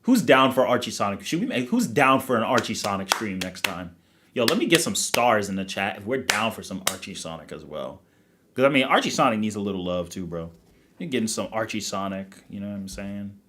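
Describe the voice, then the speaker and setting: A man's voice: on the low side, expressive, fairly quick, noisy background. A man hosting a livestream, wrapping up in a rambling, chatty way with lots of fillers. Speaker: livestream host. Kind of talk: casual livestream outro chat.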